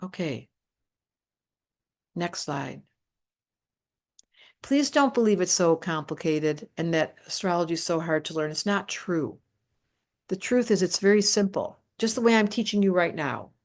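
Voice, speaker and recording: An older woman teaches a live online astrology class, speaking straight to her viewers with animated emphasis. Her voice is fairly low, and she takes her time, pausing often.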